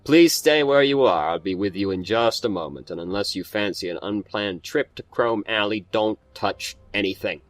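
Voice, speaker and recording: A polite, cultured male engineer from a video game, as a man reads his lines aloud. His delivery is smooth and gracious, in a fairly low voice. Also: normal speed, hardly any pauses, no echo, close to an everyday voice. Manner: polite and pleasant, read aloud.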